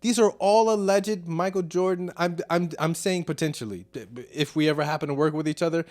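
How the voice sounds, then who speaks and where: A man from Chicago, a comedian guest, telling stories in a casual podcast chat with sudden loud bursts. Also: a little high, a little fast. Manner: animated, profane storytelling with sudden loud bursts.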